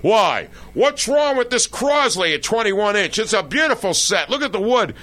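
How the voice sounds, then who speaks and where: A man's voice: high-pitched, sing-song, normal speed, bright, forceful tone, voice pushed up, exaggerated voice. A man voicing his exasperated, proud father in a raised, indignant voice while telling a story. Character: exasperated middle-aged father, proud and gruff.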